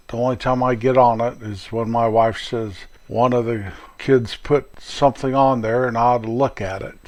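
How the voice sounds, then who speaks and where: Older grandfatherly man, mid-pitched, folksy and rambling; solo podcast host. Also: darkish tone. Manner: folksy and rambling, chatty asides. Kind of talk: casual solo podcast monologue.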